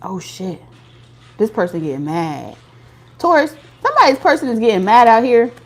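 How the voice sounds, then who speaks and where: A woman's voice: on the high side, big pitch swings, normal speed. Blunt, slangy woman reading tarot. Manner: blunt, slangy and profane, with laughs. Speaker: tarot reader. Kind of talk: casual tarot reading to viewers.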